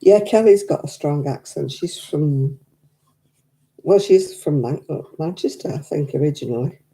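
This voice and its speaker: Woman, craft stream host, low mellow voice, rambling chat with lots of laughs, close desk mic. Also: moderate pace. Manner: chatty and rambling, laughs often. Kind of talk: casual chat while knitting, reading viewer comments. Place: living room at home. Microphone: desk microphone.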